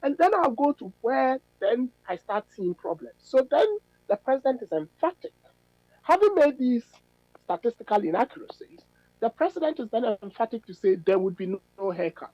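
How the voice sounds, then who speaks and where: Man, academic guest, measured and analytical, animated intonation, mellow tone, dry studio sound. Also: extremely high pitch, dry recording, lo-fi sound. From Ghana. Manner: measured, analytical, emphatic stresses. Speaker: policy fellow and academic guest. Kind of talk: radio interview answers.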